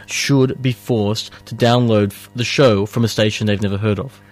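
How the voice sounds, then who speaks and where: A man's voice: fairly low pitch, fairly even intonation, normal speed. Jokey radio host, a man. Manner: jokey, rambling, stumbles over words. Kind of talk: casual banter on community radio.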